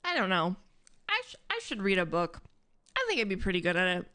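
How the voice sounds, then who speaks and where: A woman live-streaming casual chat to her audience, animated and admittedly dramatic. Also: on the low side, fairly quick, no room sound. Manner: animated and self-described dramatic.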